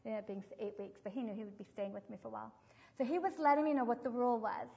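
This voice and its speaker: High-voiced older woman storytelling in a hall. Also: very fast, creaky. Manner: lively storytelling with acted quotes. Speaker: parenting teacher. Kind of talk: devotional teaching talk. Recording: dull, echoey hall recording.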